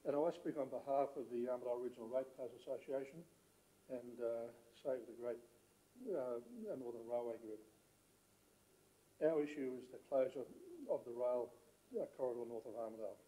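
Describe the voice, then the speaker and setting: A man, out of breath and halting, speaking as a ratepayers' representative at a council meeting. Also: mid-range voice, steady tone, dark tone. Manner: halting, frequent fillers, clears throat. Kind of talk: public address at a meeting. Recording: muffled council chamber audio.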